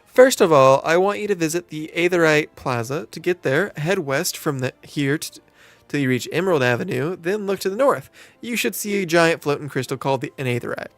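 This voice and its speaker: In a dry clip with soft music underneath, a man with a fairly high, lively voice speaks at a quick clip. He's voicing a shrewd, teasing middle-aged innkeeper woman in a put-on Southern drawl, reading game dialogue with folksy, homey turns of phrase and tripping over words as he goes.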